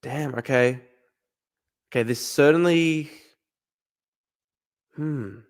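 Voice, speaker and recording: A man's voice: mid-range voice, takes it slowly. Australian man swearing through a live stream. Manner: swears often, thinks aloud, talks to chat. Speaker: livestreamer. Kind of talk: casual live-stream commentary.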